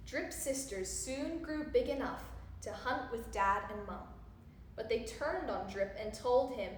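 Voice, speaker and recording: A woman reads a rhyming picture book aloud for children in a sing-song voice. She speaks slowly with a high, light tone, and the roomy space gives her words an echoing tail over a faint hum. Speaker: storyteller. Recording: roomy echo, faint background noise.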